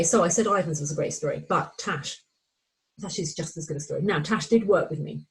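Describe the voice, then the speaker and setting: Excitable middle-aged woman coaching. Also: on the low side, normal speed, rough recording. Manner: animated, excitable, acts out inner voices. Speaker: menopause anxiety coach. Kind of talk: recorded course walkthrough.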